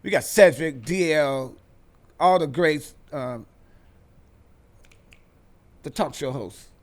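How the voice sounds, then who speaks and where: Brief: man from the Midwest, stand-up comedian guest, somewhat high voice, loose profane storytelling that jumps into other people's voices. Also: slow pace. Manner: animated, acts out other people's voices, laughs often; profane street slang. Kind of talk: storytelling on a talk show.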